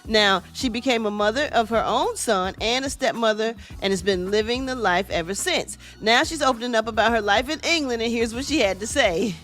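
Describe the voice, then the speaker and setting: A woman's voice: fairly high pitch, brisk, hardly any pauses, a bit bright, faint music behind. A middle-aged woman hosting a casual radio entertainment news segment, chatty and sassy, calling listeners y'all and honey.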